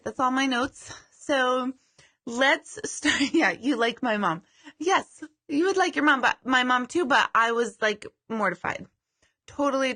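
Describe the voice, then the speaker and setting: A woman's voice: on the high side, sharp tone. A woman hosting a live stream as a psychic medium. She chats casually, mocks herself and swears now and then. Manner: chatty, self-deprecating, swears casually.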